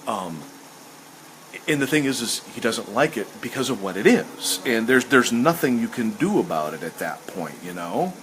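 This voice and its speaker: A man's voice: mid-range voice, sing-song, moderate pace, fairly bright tone, slight background noise, low-quality recording. A man hosting a casual chat, rambling with enthusiasm and acting out lines he quotes. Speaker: host. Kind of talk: casual chat while sketching.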